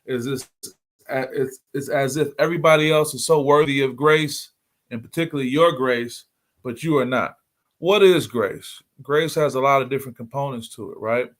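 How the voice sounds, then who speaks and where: A man's voice: medium pitch, normal speed, a bit bright. Man, middle-aged, motivational host, earnest, repeats points for emphasis, mid-range voice. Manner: earnest, repeats key points for emphasis, greets viewers by name. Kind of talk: motivational talk.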